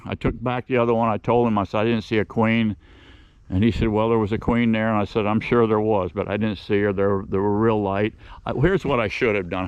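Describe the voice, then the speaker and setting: A man with a lowish voice talks to his viewers from outdoors on his own property. He rambles in a folksy, down-home way, often circling back and repeating himself as he goes. It sounds like an unscripted vlog monologue from someone hosting his own channel. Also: smooth, no echo, lo-fi sound. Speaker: beekeeping channel host.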